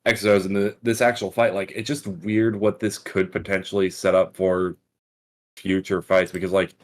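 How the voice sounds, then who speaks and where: A man co-hosting a podcast in casual chat, laid-back and quick to agree. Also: low-pitched, flat delivery. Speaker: podcast co-host.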